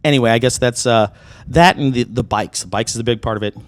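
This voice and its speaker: A man co-hosting a casual podcast over drinks, telling stories in an animated, profane way. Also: medium pitch, quick pace. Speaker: podcast co-host.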